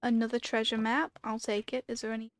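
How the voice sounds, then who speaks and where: Woman gaming and chatting to herself, smooth higher voice, panics a lot. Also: level tone, brisk. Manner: talks to herself, bursts into panicked repeated pleas; chatty, rambling storytelling with fillers. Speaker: gaming video creator. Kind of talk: casual gameplay commentary.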